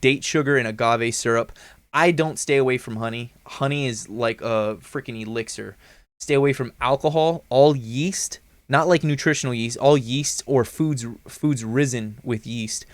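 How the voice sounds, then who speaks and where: A man in his thirties chats casually on a livestream, rambling along in slang and profanity. His voice sits at an ordinary middle pitch and sounds close and dry, with almost no room around it. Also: no echo. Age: 30s. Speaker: livestream host.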